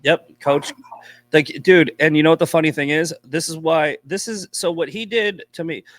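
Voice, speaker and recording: A man's voice: a little high, fairly even intonation, moderate pace, no room sound. A man from Boston, a podcast guest, telling stories in blunt, profane casual chat. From Boston, USA.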